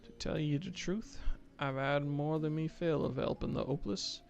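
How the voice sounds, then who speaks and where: A man's voice: on the high side, normal speed, vocal fry, faint music behind. A man voicing a worldly, blunt older woman who talks in folksy dialect. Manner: folksy, blunt, with 'ye', 'me' and 'aye'.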